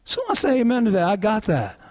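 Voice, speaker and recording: A man's voice: huge pitch swings, a little fast, a little mellow. A male pastor preaching a sermon, leading the congregation in call-and-response. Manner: call-and-response preaching, rising and falling in pitch.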